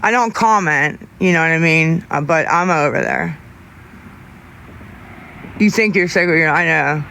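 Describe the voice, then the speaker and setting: A young man livestreaming, chatting casually with viewers in a rambling, halting way with many restarts. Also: a little high, sing-song, gravelly, bright, forceful tone, slight background noise.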